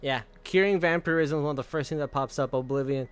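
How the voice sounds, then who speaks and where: A man's voice: a little high, fast talker, clear, resonant tone. A young man streaming, casually telling a rambling story with frequent laughs and swearing. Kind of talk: casual storytelling while gaming.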